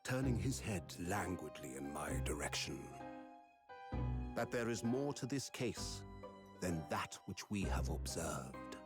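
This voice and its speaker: A deep, slow-paced narrator of an old detective story, whose pitch moves in wide, lively arcs. He reads with a measured storybook cadence. The game audio carries music clearly behind him. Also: full character voice. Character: grown man narrating a period detective tale.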